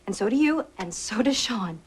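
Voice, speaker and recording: An actress playing an earnest, troubled young wife in a soap opera, from an old TV tape. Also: female voice, a little high, expressive, normal speed, slightly rough. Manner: earnest, emotional. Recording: old TV tape with soft music.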